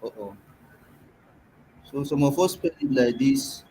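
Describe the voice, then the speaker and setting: A man with a Nigerian accent leads a classroom lesson at a middle pitch. He patiently quizzes his students and sounds words out for them, while a faint room hum sits behind him. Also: lively intonation, a little slow, mellow, low-quality recording. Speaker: language workshop teacher.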